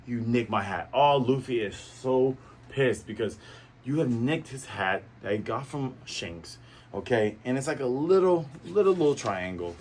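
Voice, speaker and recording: A man recapping a comic chapter in a casual, animated way, full of sound effects. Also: mid-range voice, measured pace, a little hiss or hum. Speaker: manga reviewer.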